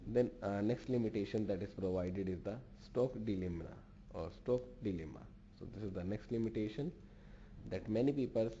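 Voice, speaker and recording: In a formal online business lecture, a man restates each point in other words. His voice is fairly low and warm at a moderate pace, captured in a dull lo-fi recording with faint noise.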